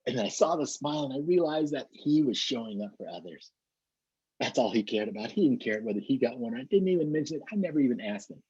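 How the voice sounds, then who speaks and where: A man's voice: medium pitch, lively intonation, fast, a little mellow, breathy edge, no room sound. A middle-aged man, a trainer, telling a motivational story in an earnest way, often repeating and restarting words. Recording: dull, muffled lo-fi recording.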